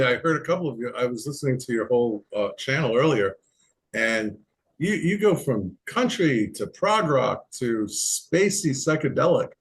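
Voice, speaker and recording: A man from the United States hosting a casual interview, enthusiastic and rambling, quick to laugh. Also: medium pitch. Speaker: podcast host.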